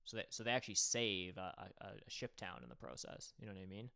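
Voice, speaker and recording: A man with a lowish, gravelly voice hosts a livestream. He casually breaks down a board game match and thinks aloud. He talks directly to his viewers as he goes. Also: very animated, fast talker, bright, forceful tone. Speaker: host and game commentator.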